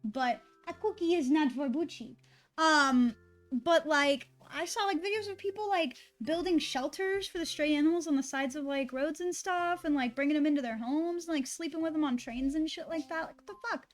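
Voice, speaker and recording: A woman streamer chatting casually and rambling, swearing freely and talking to her dog between thoughts. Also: high voice.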